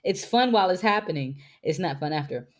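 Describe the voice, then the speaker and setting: A woman's voice: lowish voice, fairly quick. A woman in her thirties co-hosting a podcast, telling stories in casual chat, acting out voices and laughing often. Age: 30s. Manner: animated storyteller, laughs often, acts out voices. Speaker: podcast co-host. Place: living in New York.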